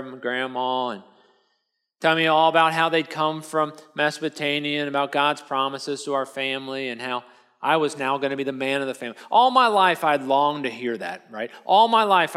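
A man's voice: a little high, a bit bright, smooth. A man delivering a first-person dramatic monologue in a casual storytelling manner, full of tag questions and restarts.

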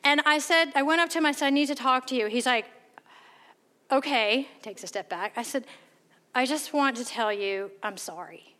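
High, bright-voiced woman telling a story. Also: moderate pace. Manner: animated, acts out quoted voices; self-deprecating, candid. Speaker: speaker sharing faith testimony. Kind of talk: storytelling testimony talk.

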